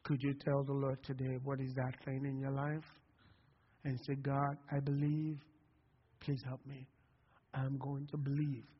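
A man's voice: medium pitch, monotone, unhurried, slightly rough. A male pastor preaching a sermon to his congregation, with impassioned delivery and frequent calls of "Amen?". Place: church sanctuary. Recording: long hall reverb, dull lo-fi sound.

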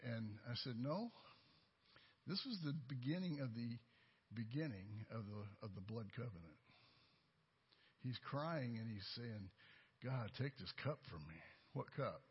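A man's voice: mid-range voice, expressive, a little slow, long pauses, lo-fi sound. A man giving a sermon with personal testimony, telling stories in a folksy, conversational way. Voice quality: husky. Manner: folksy, storytelling, conversational preaching. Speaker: lay preacher.

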